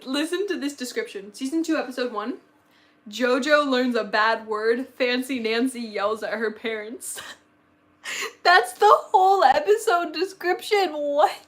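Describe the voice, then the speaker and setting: A teenage girl chatting casually on a live stream, excitable and nostalgic, gasping often and saying "like" a lot. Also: fairly high pitch. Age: teen, about to turn sixteen. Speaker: livestreamer.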